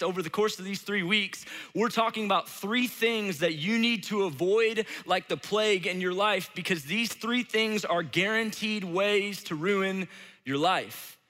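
A man's voice: high voice, unhurried, pushed and bright. A man in his thirties from Saint Louis, preaching a sermon in a chatty, casual way with lots of "like". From Saint Louis, Missouri. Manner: casual, chatty, heavy use of "like". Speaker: pastor. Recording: long hall reverb.

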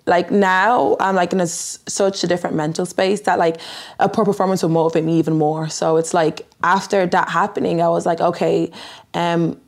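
Young Dublin-accented woman, twenties, low slightly gravelly voice, chatty interviewee. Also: flat delivery, normal speed. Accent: Irish, Dublin. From Ireland. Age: 20s. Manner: chatty, lots of "like" fillers. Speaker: athlete interviewee. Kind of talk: casual interview talk.

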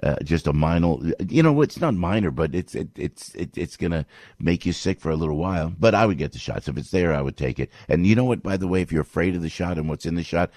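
An older man delivers rambling, exasperated commentary, tripping over restarts as he goes. His voice sits very low, and the sound is close and dry, with no room around it. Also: expressive, quick pace, a little mellow, no room sound. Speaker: political commentator. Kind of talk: ranting commentary.

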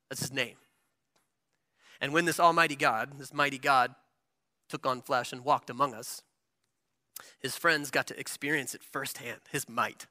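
A man preaching a Christmas sermon, impassioned, shifting from hushed lines to loud peaks, with casual asides. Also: on the high side, moderate pace. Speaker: pastor.

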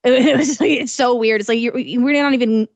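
Woman, podcast co-host, animated storyteller, bright higher voice, dry close sound. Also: a little fast, no echo. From southern Illinois. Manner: animated, laughs often, storytelling. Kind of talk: casual chat.

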